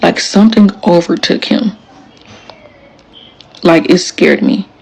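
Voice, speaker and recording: A woman tells her story to camera in a casual, emphatic way, slipping into the voices of the people she quotes. Her voice has a gravelly edge and a husky grain. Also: fairly low pitch, takes it slowly, darkish tone, poor audio. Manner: emphatic, acts out quoted lines.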